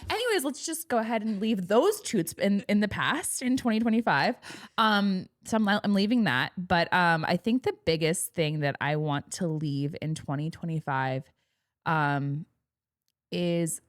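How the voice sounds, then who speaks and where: A woman's voice: lowish voice, expressive, measured pace, dry recording, studio quality. Giggly chatty woman podcast host. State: pregnant. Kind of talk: casual chat.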